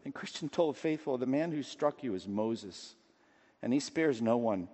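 A man preaching a sermon with emphatic delivery, rising to loud declamation and dropping low again. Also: normal speed. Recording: long reverb of a large hall.

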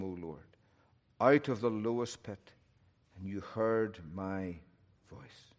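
A man preaching a sermon, moving between loud, urgent peaks and hushed, low phrases. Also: takes it slowly, long pauses, lo-fi sound. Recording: long hall reverb.

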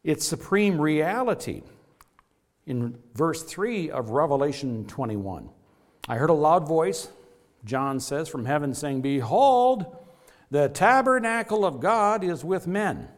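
A man preaching a sermon to his congregation, emphatic and earnest, his voice rising and falling to stress points. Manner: emphatic preaching with wide swings in pitch and loudness. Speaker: pastor.

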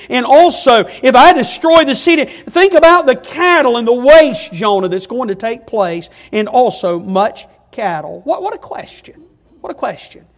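A man preaching a sermon, stressing points through repetition and rhetorical questions. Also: extremely high pitch.

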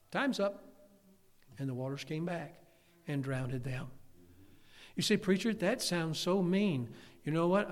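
Middle-aged pastor, man, folksy sermon delivery, fairly high voice, long church reverb. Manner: folksy, swings from quiet to shouting. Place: church hall.

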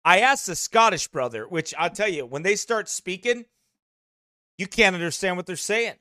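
High, bright-voiced man reading aloud. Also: lively intonation, normal speed, no echo, studio quality. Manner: folksy asides between read passages. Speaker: broadcast teacher. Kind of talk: reading a book aloud with remarks.

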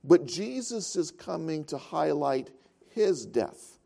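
A man's voice: on the high side, very animated, takes it slowly, gravelly, mellow. A man preaching a sermon as pastor of a church, telling stories with frequent filler sounds.

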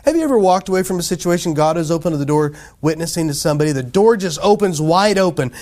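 A pastor preaching a sermon in a casual, conversational way, often asking the congregation questions and acting out quoted voices. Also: male voice, a little high, lively intonation, fast talker, a little mellow.

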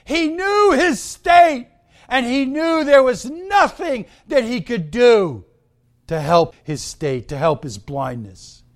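A man preaching a sermon, swinging from quiet asides to shouted cries. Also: very high voice, sing-song, slow pace. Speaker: pastor.

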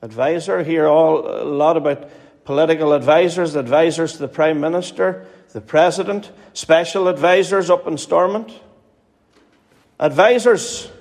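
A man's voice: a little high, normal speed, darkish tone. A man with a Northern Irish accent preaching a sermon in an earnest, pleading way, repeating phrases for emphasis. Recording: hall reverb.

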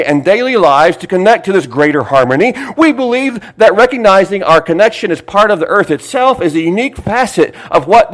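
High-voiced preacher swinging loud to hushed. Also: male voice, rough recording. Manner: swings between loud emphatic reading and hushed asides; repeats phrases, drags out words for emphasis. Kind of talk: sermon with scripture reading.

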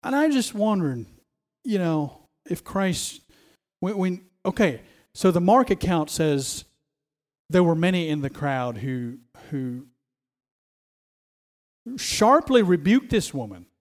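Male preacher, sermon, emphatic and repetitive, swooping lively pitch, fairly high voice. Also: takes it slowly. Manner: emphatic, repeats phrases and restarts.

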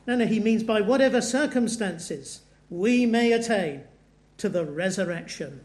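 A man with a high voice preaches a sermon as an earnest storyteller. He slows his delivery to weigh key moments. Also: animated, darkish tone.

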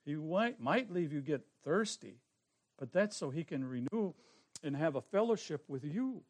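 A man preaching a sermon, telling his own testimony in an earnest way that swings from soft, hushed passages to forceful ones. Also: on the high side, expressive, measured pace.

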